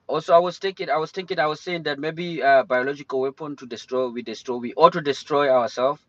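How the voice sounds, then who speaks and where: A man's voice: on the high side, quick pace, no echo, lo-fi sound. A young man hosting a casual livestream, rambling and breaking off to greet viewers in the chat. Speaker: livestream host. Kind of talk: casual live-stream chat. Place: in or near his car.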